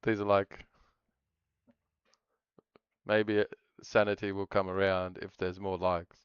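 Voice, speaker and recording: A man with a low, smooth, resonant voice chats his way through a live stream, jokey and rambling, often trailing off and restarting his thoughts. The sound is dry and a bit muffled. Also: flat delivery, slow pace, dry recording. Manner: rambling, jokey, self-interrupting. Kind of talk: casual live-stream chatter.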